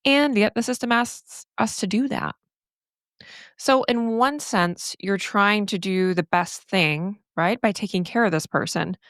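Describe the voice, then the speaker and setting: A middle-aged woman hosting a solo podcast, speaking candidly and earnestly about therapist burnout, with an animated, casual manner. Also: mid-range voice, dry recording, clean studio sound. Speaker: podcast host and therapist coach.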